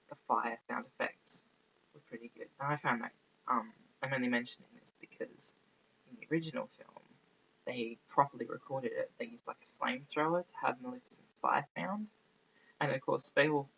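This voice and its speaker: A man's voice: mid-range voice, gravelly, bright, forceful tone, lo-fi sound. A man giving a casual, rambling film review, often losing his train of thought and filling gaps with ums. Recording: faint background noise, poor audio.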